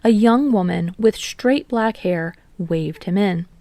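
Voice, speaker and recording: A woman narrates a fan audiobook in a steady, expressive read. Her mid-range voice carries a light gravelly fry, recorded close and dry. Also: medium pitch, slow, no echo. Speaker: podfic reader.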